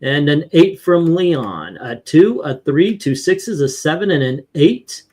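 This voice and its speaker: Upbeat male host, slightly high voice, casual livestream panel chat, tallies scores aloud. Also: big pitch swings, slow pace, darkish tone. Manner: upbeat, tallying votes aloud.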